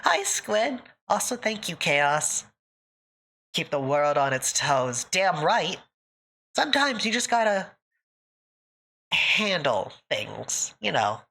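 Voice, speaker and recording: Woman streamer, casual live chat, bright lively voice, emotional and close to tears. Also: lowish voice, slow, gravelly, long pauses, breathy edge. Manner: emotional, near tears, laughing often.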